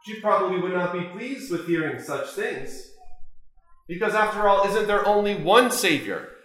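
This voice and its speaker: A man preaching a sermon as an Orthodox priest, measured and full of rhetorical questions. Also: high voice, a bit bright. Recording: very echoey church.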